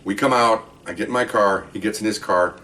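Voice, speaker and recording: An older man, a retired undercover police officer, telling stories from his past cases in a casual, animated way and acting out the dialogue. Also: on the low side, a little fast. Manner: animated, acts out the dialogue in raised voices. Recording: voice distant from the mic.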